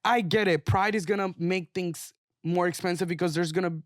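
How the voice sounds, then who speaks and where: Animated young New man, dry sound. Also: sits high, fairly quick, dry recording. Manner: animated, emphatic storytelling. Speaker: podcast co-host. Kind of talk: casual chat.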